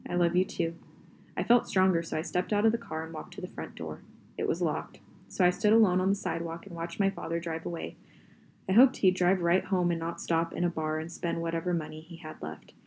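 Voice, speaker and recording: Woman with a gravelly, low voice reading a novel. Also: fairly even intonation, brisk, a little mellow, a little hiss or hum. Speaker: reader.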